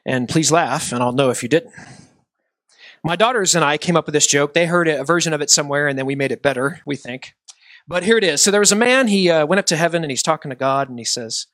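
A man's voice: a little high, fast, fairly bright tone, no room sound. A middle-aged male pastor preaching a sermon, talking conversationally and self-deprecatingly before an earnest prayer.

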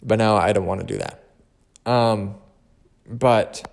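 A man's voice: medium pitch, sing-song, measured pace, gravelly, pauses often, a little mellow. Rambling young man with a lisp. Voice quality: slight lisp. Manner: rambling, restarts often, casual swearing. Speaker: podcast host. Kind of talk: casual solo chat.

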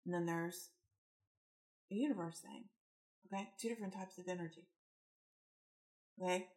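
A woman giving a casual spiritual-coaching talk, animated and rambling, acting out the quotes in her stories. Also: lowish voice, moderate pace.

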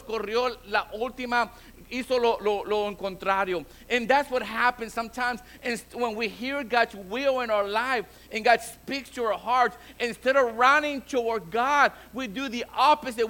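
Man, pastor, sermon, high voice, bright tone, repeats words, emphatic. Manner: repeats and restarts words, builds to emphatic exhortation. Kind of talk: bilingual sermon.

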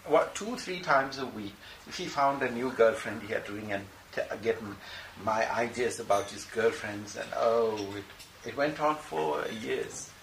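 A man's voice: medium pitch, a little slow, creaky. A man, a spiritual teacher, telling a story to a gathering and acting out the voices in it. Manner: animated, acts out quoted dialogue. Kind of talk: storytelling answer to a question. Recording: echoey room, distant mic, noisy ambience.

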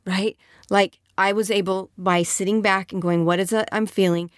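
A woman's voice: mid-range voice, steady tone, normal speed, no room sound, studio quality. A woman giving relationship advice in a conversational talk, often asking her audience right or okay and acting out what spouses say. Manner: conversational, acts out spouse dialogue in quoted voices; frequent checking questions like right and okay. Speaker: marriage and relationship speaker.

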